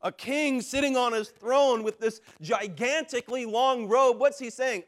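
A man preaching a sermon as a pastor, swinging from loud, driving lines to hushed ones and acting out the voices of people in his stories. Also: extremely high pitch, unhurried. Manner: acts out quoted voices in his telling.

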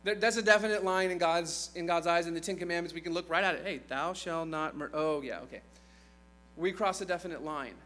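A man's voice: sits high, fast talker, a bit bright, low-quality recording. A man preaching a sermon in a conversational way, retelling scripture with playful asides.

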